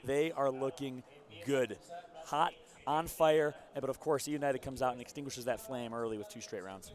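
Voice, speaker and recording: A man commentating a live esports match, his voice worn hoarse from cheering with the crowd, talking through plays with excited analysis. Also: mid-range voice, brisk. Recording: loud crowd behind the voice.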